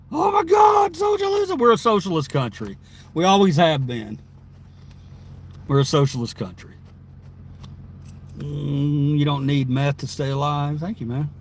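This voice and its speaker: Sitting in his car during a live stream, a man with a fairly high-pitched voice reads out viewers' chat messages. He responds chattily and rambles, laughing often.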